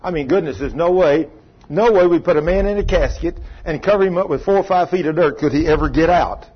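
A man's voice: fairly high pitch, brisk, slightly rough. An older man, preaching a conversational sermon in a folksy, earnest way and often asking his listeners questions. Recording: dull lo-fi recording.

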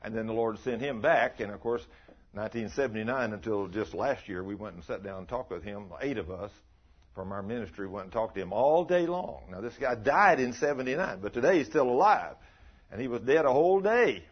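An older man preaches in a folksy, storytelling way, often turning to his listeners with questions. His voice is husky and swings widely in pitch. The recording sounds muffled and lo-fi. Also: animated, a little fast. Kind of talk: folksy sermon.

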